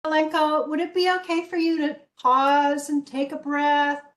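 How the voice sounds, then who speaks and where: A woman presides over a hearing on a video call, firm and measured with a dry sarcastic edge. Her voice sits high. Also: level tone, a bit bright. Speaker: judge.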